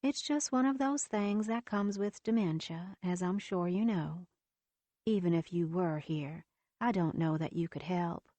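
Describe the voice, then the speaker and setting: A woman voicing a kind female nurse who speaks gently, steadily and reassuringly. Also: fairly low pitch, measured pace, dry recording, close to an everyday voice.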